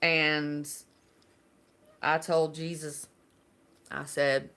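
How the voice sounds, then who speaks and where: Chatty Southern woman hosting a live stream; lowish, bright voice, rambling, easy laughs. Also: little pitch movement, drawn-out words, clean tone. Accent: Southern US, Alabama. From Alabama, US. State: unwell. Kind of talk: casual live stream chat.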